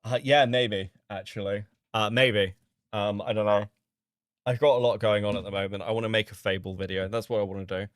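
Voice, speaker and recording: A man's voice: lowish voice, fairly even intonation, brisk, no echo, studio quality. A man hosting a stream, reacting to a video with exasperated, incredulous anger, swearing and laughing in disbelief. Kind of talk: angry reaction commentary.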